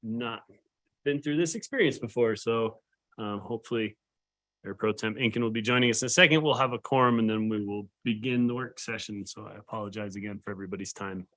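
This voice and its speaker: A man's voice: lowish voice, brisk, fairly bright tone. A man chatting casually at a town council meeting while they wait to begin, laughing often. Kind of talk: casual chat before a meeting. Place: council chamber.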